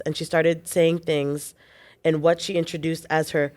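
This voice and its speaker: A woman co-hosting a chat show, reading a listener's post aloud with quick casual asides. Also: deep voice, little pitch movement, darkish tone.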